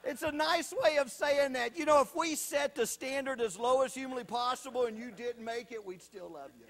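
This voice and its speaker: A man's voice: very high-pitched, normal speed, a bit bright. A man telling folksy stand-up comedy stories, drawing out his punchlines.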